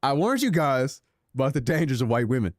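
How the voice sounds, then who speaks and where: Fairly quick and sing-song, this mid-range male voice belongs to a young man casually chatting on a live stream while playing a racing game. His talk with viewers rambles, full of sarcasm and jokes at his own expense. Studio-quality audio, with no room sound.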